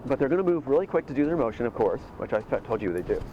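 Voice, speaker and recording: A man tells his story in a rambling way, stumbling and restarting. His voice is mid-pitched, and the clip carries clear outdoor noise. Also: very animated, racing, warm tone, lo-fi sound. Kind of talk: recounting events in casual talk.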